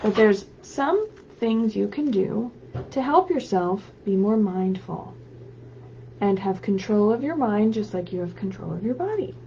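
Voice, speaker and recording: Woman librarian for kids' story time, bright sing-song delivery, muffled lo-fi stream audio with faint hiss. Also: medium pitch, unhurried. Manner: animated, sing-song, prompts young listeners. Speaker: children's librarian. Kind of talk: story time reading to children.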